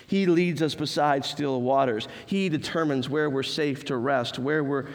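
A man's voice: medium pitch, a little slow, big-room sound. A man preaching a sermon as pastor, earnest and building emphatic lists with rising stress.

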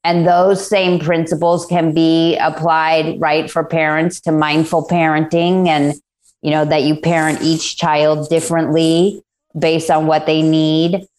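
A woman working as a mindfulness coach, explaining her ideas in a calm, measured way during an interview. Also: low voice.

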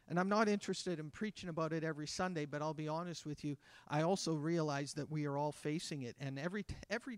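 Man, 50s, pastor, conversational sermon, fairly high voice, dry close sound. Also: no room sound. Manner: conversational preaching, acting out little scenes in soft voices. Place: church.

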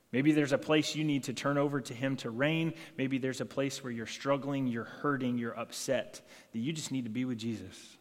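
A male pastor delivers an earnest sermon. His voice sits in a middle register and trails off into the long reverb of a church sanctuary. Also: medium pitch. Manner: earnest, acts out dialogue in scripture passages.

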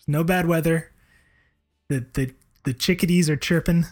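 A man's voice: on the high side, fairly even intonation, normal speed, soft background music. A man co-hosting a casual podcast, teasing with a dry humor and laughing along. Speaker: podcast co-host.

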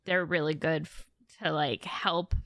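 A woman's voice: low-pitched, steady tone, measured pace, fairly bright tone, no room sound, studio quality. A woman chatting casually and enthusiastically, rambling with lots of fillers. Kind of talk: casual chat.

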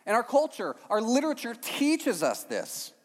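Lively, high-voiced preacher in a reverberant hall. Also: male voice, normal speed. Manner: animated, keeps asking the crowd "right?", jokey asides. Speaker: pastor. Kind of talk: sermon. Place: church hall with a congregation.

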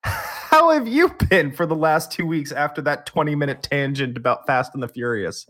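A man leads a casual gaming podcast, teasing his friends and laughing easily. His pitch moves a lot, which keeps the talk lively. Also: moderate pace. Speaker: podcast co-host.

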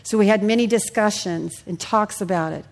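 A woman's voice: medium pitch, normal speed, gravelly. Woman preaching personal testimony to a congregation. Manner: personal testimony, audience questions. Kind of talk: sermon.

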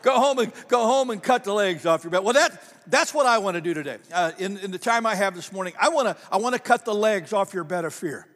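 A man's voice: high-pitched, animated, fast talker, hardly any pauses, fairly bright tone, in a large hall. A man pastor preaching a sermon in a conversational, storytelling manner, repeating key phrases for emphasis.

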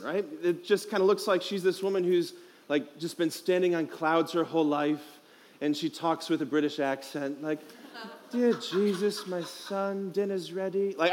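A young man, a priest, giving a playful, emphatic homily at a youth conference, asking the crowd questions, speaking into a headset mic. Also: high-pitched.

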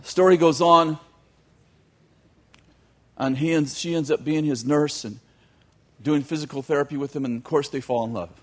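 A man telling a long story in a sermon, animated, with joking asides to his audience. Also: a little high, moderate pace, long pauses. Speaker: youth teacher.

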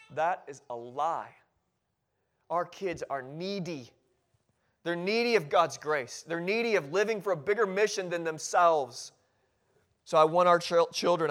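A man's voice: a little high, a bit bright. A male pastor preaching a sermon in a church, driving points home with short, repeated exhortations. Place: church sanctuary.

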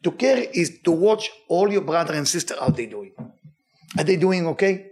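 At normal speed, a man with a noticeable non-native accent teaches a weekly Torah lesson, animated, with swinging pitch and repetition for emphasis. A slight hiss or hum sits under the recording.

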